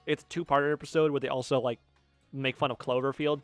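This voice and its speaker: A man's voice: medium pitch, level tone, fast talker, soft background music. Male co-host, casual, rambling, sweary storyteller. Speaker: let's play co-host. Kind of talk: casual chat.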